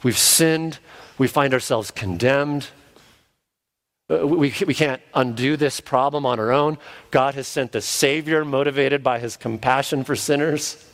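A man preaching an earnest sermon, his voice at an everyday middle pitch. He is a pastor, and he sometimes acts out the voices of the people he quotes. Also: measured pace.

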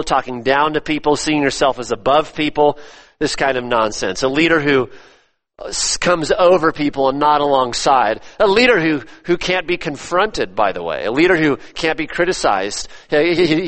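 A man preaching a sermon, emphatic, repeating his phrases and swinging between loud stresses and hushed drops. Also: on the high side. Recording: long reverb of a church hall.

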